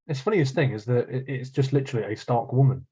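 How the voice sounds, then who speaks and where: A man chats and laughs easily, swearing now and then. His voice is a little husky. The recording sounds dull and lo-fi. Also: mid-range voice, quick pace, warm tone. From English Midlands. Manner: laughs often, swears casually. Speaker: podcast co-host. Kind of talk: casual chat.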